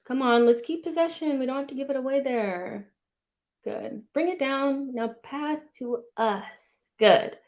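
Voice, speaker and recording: Woman host, unhurried live match chat, swears easily, erupts when her team scores. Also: high voice. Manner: excitable, shouts at big moments, swears casually. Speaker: host of a football watchalong. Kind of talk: live match commentary with viewers.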